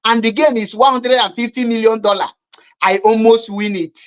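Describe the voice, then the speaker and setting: A woman's voice: fairly high pitch, fairly even intonation, moderate pace, dull audio. A woman with a Nigerian accent giving mocking online commentary, scornful and repetitive. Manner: scornful, repetitive, laughing at her opponents.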